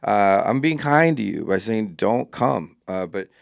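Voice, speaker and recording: A man's voice: on the low side, lively intonation, a little slow, vocal fry, dry recording, studio quality. A man from Wisconsin with a Wisconsin accent, a comedian chatting loosely as a podcast guest, rambling and mocking himself. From Wisconsin, US Midwest. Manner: rambling, self-mocking, acts out voices of others. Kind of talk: casual podcast chat.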